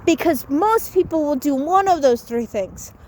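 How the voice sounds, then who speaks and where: A woman's voice: sits high, lively intonation, normal speed, dark tone, slight background noise. A young woman vlogger telling a rambling casual story, saying "like" a lot and swearing casually.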